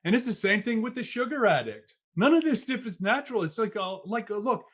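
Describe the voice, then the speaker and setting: Animated, laughing male podcast host. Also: sits high, fairly quick. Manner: animated, laughing, lots of "man" and "it's like". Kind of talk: casual conversation.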